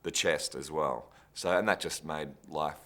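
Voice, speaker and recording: Brief: very low-voiced man, interview, loose anecdotal delivery. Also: a little slow, bright, forceful tone. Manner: chatty, anecdotal, restarts phrases. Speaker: actor interviewee. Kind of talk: behind-the-scenes interview.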